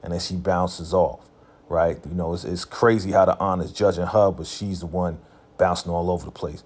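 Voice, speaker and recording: A man's voice: low voice, fairly even intonation, moderate pace, a little mellow. A man casually recapping a TV episode in a laid-back, slangy way, full of filler phrases.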